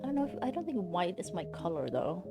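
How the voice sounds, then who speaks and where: A woman's voice: fairly low pitch, very animated, fast talker, music in the background. A woman streamer chatting casually and reading game text aloud, chatty and self-mocking.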